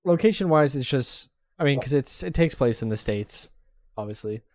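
A young man hosting a casual chat among friends, rambling with halting restarts. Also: medium pitch, lively intonation, darkish tone, no room sound, clean studio sound.

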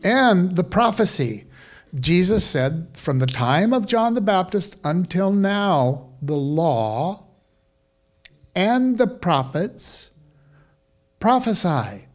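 A man pastor preaching a sermon in a conversational, animated way, with casual asides and questions to the congregation. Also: sits high, slow.

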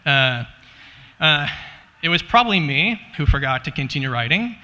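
Man, thirties, guest preacher, candid storytelling sermon, bright forceful tone, slightly high voice, long hall reverb. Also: big pitch swings, moderate pace. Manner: candid, earnest, storytelling with soft laughs. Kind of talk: conversational sermon.

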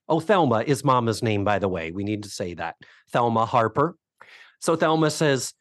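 Male podcast co-host, expressive and chatty, dry studio mic. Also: medium pitch, moderate pace, no room sound. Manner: animated, acts out characters' lines in quotes. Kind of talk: casual chat recapping a sitcom episode.

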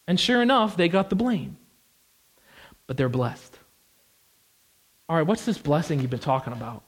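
A young man from the United States preaching a sermon, animated and emphatic, with casual asides and repeated phrases. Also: on the high side, moderate pace.

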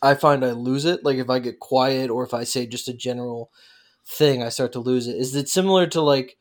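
A man's voice: mid-range voice, a little fast. A man hosting a casual movie discussion, rambling with many fillers and restarts.

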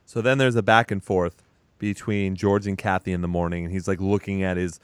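A man casually retelling a horror movie's plot as a podcast co-host, animated and profane, acting out bits of dialogue. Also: low voice, a little fast, smooth, no echo. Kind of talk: casual movie recap chat.

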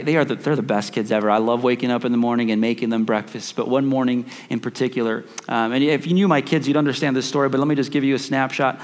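Pastor guy preaching, mid pitch, says stuff twice for emphasis, long echo like a big church. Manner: repeats key phrases for emphasis, many restarts. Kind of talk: sermon. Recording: long reverb of a church hall.

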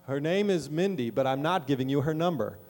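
A man's voice: a little high, animated, fairly quick, darkish tone, faint music behind. A middle-aged man preaching a sermon as pastor in a church, talking conversationally and often checking in with the congregation. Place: church sanctuary.

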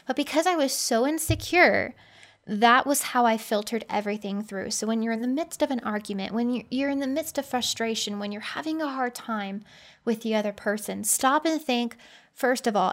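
Earnest, slightly high-voiced woman podcaster. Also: moderate pace. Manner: earnest, personal storytelling with frequent "you know". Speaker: podcast host. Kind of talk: conversational podcast monologue.

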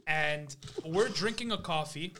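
A young man hosting a podcast, telling stories in a casual, animated and profane way and acting out other people's voices. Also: on the high side, measured pace, noisy background. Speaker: podcast host. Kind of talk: casual storytelling chat.

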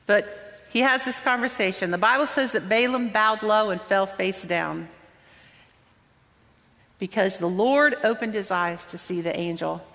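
A woman's voice: mid-range voice, measured pace, a bit bright. A woman preacher speaks in a mid-range voice, talking earnestly and drawing out words to stress a point. Her voice rings with the long reverb of a large hall. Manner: conversational, earnest, often drawing out words for emphasis. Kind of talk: sermon.

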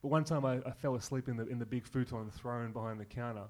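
A man's voice: medium pitch, quick pace, over a noisy crowd. A young Australian man from Newcastle, a comedian guest, telling rambling stories with plenty of swearing and laughing at himself. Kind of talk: casual podcast chat.

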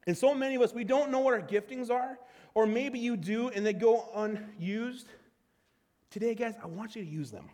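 High-voiced pastor in a reverberant hall. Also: male voice. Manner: animated, with quick restarts and playful asides. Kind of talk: conversational sermon.

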